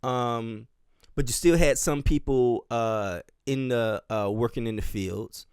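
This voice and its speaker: A man's voice: medium pitch, takes it slowly, a little mellow, clean tone, no room sound, clean studio sound. A man from the US South with a Southern accent, a dance teacher hosting his own podcast in a loose solo chat full of fillers and restarts. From Miami and Charleston, US South. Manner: rambling, with many fillers and restarts.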